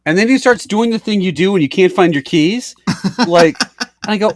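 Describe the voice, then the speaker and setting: A man's voice: high-pitched, moderate pace. A man co-hosting a podcast, telling a story in casual chat, acting out both sides and swearing freely. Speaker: podcast co-host.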